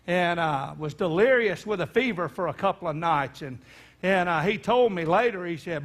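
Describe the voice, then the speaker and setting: High-voiced preacher telling a story. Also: male voice, moderate pace, a bit bright. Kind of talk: sermon storytelling.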